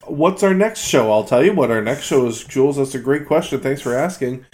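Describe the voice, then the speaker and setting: A man's voice: mid-range voice, expressive, fairly quick, a little mellow. A man co-hosting a podcast, joking around in a mock-serious, casual way. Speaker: podcast co-host. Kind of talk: casual chat.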